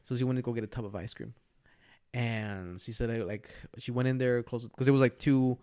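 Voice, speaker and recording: A man's voice: medium pitch, steady tone, fairly quick, dark tone, smooth. A young man co-hosting a casual podcast, rambling through a story and acting out what other people said. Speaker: podcast co-host.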